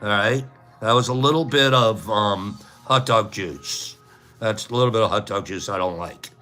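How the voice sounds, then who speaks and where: A man hosting a casual livestream, playfully rambling through shout-outs to viewers by name. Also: on the low side, normal speed, faint music behind. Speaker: livestream host. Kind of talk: casual livestream chat, reading out viewer names.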